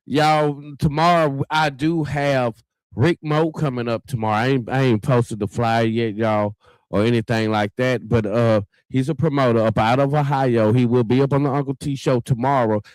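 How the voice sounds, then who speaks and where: A man's voice: mid-range voice, steady tone, moderate pace, darkish tone, no room sound. Chatty man hosting a live show. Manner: chatty, folksy, keeps addressing viewers as y'all. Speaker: talk show host. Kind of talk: casual livestream show hosting.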